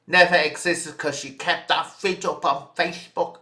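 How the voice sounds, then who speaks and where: A man's voice: high-pitched, normal speed, few pauses, pushed and bright, reverberant. A man hosting a reaction video, scolding his critics in an indignant, direct rant. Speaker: channel host.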